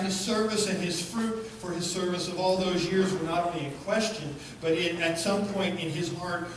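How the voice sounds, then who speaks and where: Pastor guy telling a story in a sermon, bit of a high voice, stops and restarts, really echoey far off church. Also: a little hiss or hum. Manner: unhurried, halting storyteller.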